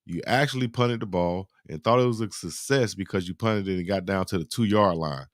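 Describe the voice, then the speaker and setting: A man hosting a live football highlight reaction, giving animated, slangy play-by-play and talking to his chat. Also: a little fast, no echo, clean studio sound. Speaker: sports reaction host.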